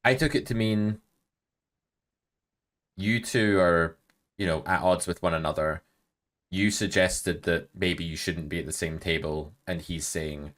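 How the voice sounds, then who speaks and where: Deep-voiced man with dry teasing. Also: normal speed, fairly bright tone. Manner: dry teasing, plays devil's advocate. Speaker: podcast co-host. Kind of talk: casual chat.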